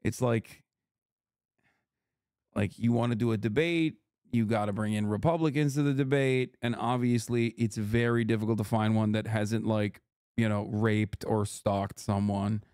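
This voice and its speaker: Streamer dude ranting at a video, swears a lot, sarcastic, dry close sound. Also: male voice, lowish voice, fairly even intonation, moderate pace, a little mellow, smooth, no echo. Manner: profane, incredulous, sarcastic. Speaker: streamer and political commentator. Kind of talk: live reaction commentary.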